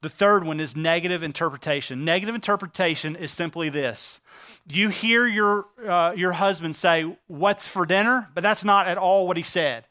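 A man preaching a sermon as a pastor, earnest and emphatic, slowing down to stress key phrases. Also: high voice, sharp tone.

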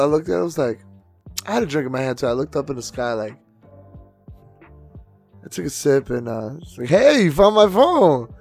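A man co-hosting a podcast, telling loud, profane stories in a casual way and acting out other people's voices with big swings in pitch and volume. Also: creaky. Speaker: podcast co-host and DJ.

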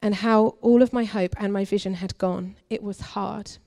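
A young adult woman, a guest preacher at a church, giving an earnest, confessional testimony that moves between forceful and hushed. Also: medium pitch, fairly even intonation, moderate pace, vocal fry. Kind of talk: personal testimony sermon.

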